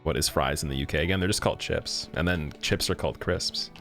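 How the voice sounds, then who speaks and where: A man's voice: extremely low pitch, fast talker, gravelly, fairly bright tone, soft background music. A man from Canada chatting casually with viewers while streaming a game, rambling with plenty of fillers. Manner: rambling, many fillers and restarts. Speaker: livestreamer.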